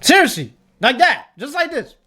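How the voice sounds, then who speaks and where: This young adult livestreamer rants to chat over a tier list, stressing the same points repeatedly and swearing often. The voice sits high and sing-song at a moderate pace, sounding pushed and bright.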